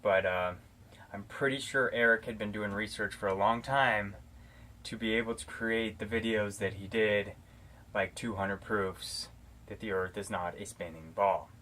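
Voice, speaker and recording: A man's voice: lowish voice, steady tone, a little slow, pushed and bright, a little hiss or hum. An American man talking casually to camera in a vlog, rambling and affectionate, with plenty of fillers and restarts. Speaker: vlogger. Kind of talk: casual talking-head shout-outs. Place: living in Arizona. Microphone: camera mic, talking straight to camera.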